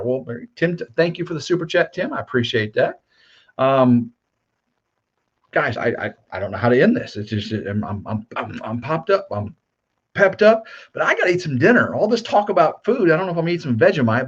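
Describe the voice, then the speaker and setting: A man's voice: on the high side, highs cut off. A man hosting a livestream, casually and cheerfully thanking viewers by name in a rambling way. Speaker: YouTube livestream host.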